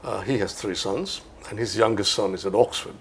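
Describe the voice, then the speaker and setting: An older man with a low, gravelly voice. He is a veteran cricket commentator who tells his memories in an unhurried, anecdotal way. A faint hiss sits under the recording. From Sri Lanka. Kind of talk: reminiscing interview talk.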